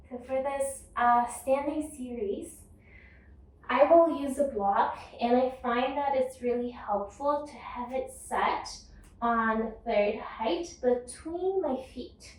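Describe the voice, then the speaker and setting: Woman, yoga teacher, calm breath cues, very slow pace, strong room echo. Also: high voice, distant mic. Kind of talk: guided yoga class instruction.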